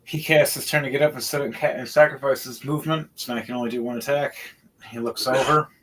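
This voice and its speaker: A man narrating a tabletop game as game master, calling out dice rolls and combat turn by turn, with sudden loud outbursts. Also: medium pitch, fairly even intonation, fast, rough recording.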